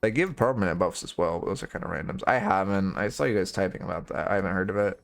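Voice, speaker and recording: A man's voice: deep voice, expressive, quick pace, gravelly. A young man streaming and coaching a game, rambling through frank, profane critique in casual commentary.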